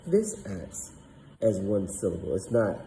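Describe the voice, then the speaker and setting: A man teaching a lesson, slowly sounding out syllables and thinking aloud. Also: on the low side, big pitch swings, warm tone, slight background noise, rough recording. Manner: slow and deliberate, sounding out syllables; thinking aloud, doubting himself. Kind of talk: explaining at a whiteboard.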